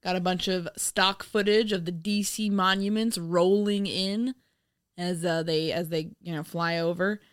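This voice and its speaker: A woman from the United States co-hosting a casual movie commentary podcast, sarcastic and animated, laughing often. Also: fairly low pitch, measured pace, smooth, no room sound, studio quality. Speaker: podcast co-host.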